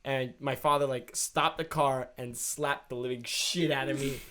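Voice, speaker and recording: A young man chatting casually with friends, telling a rambling personal anecdote in a relaxed way. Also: mid-range voice, normal speed, slight background noise. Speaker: co-host. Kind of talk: casual chat.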